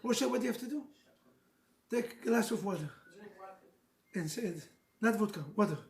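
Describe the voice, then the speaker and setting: A man giving an animated, emotional sermon as a rabbi, telling stories, joking with listeners and dropping Hebrew phrases. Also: sits high, normal speed, gravelly. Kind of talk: animated sermon to a live audience. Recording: echoey room with faint noise.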